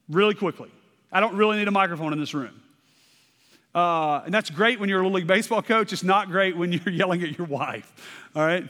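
A man preaching in a casual, conversational way, forever tagging his points with "okay?" and doubling back on his words. His voice sits high for a man. A long reverb from a big hall trails each phrase. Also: pushed and bright. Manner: conversational, repeats "okay?" often, restarts words. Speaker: pastor. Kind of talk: sermon.

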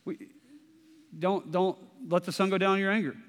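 High-voiced male pastor in a hall. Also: steady tone, normal speed. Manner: conversational, repeats "okay?" often, restarts words. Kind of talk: sermon. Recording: long hall reverb.

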